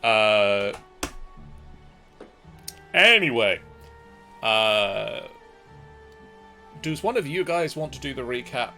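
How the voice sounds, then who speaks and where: A man's voice: mid-range voice, expressive, slow pace, long pauses, sharp tone, faint music behind. A man hosting a live-streamed tabletop game as game master, casual, joking and a little scattered.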